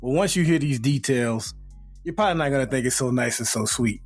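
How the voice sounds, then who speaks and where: A man, co-hosting a podcast and telling a story in a casual, animated way, laughing and acting out his friends' voices. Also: mid-range voice, a little fast, soft background music. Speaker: podcast co-host.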